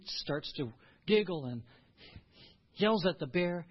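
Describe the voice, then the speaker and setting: A man's voice: on the high side, moderate pace, vocal fry, husky, muffled recording. A man preaching a sermon as a pastor, earnest and emphatic.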